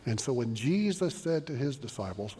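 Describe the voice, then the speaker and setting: A man's voice: mid-range voice, big pitch swings, normal speed, dark tone, slight background noise. A man preaching a sermon, earnest and emphatic, often restarting his phrases as he explains a passage. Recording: long reverb of a large hall.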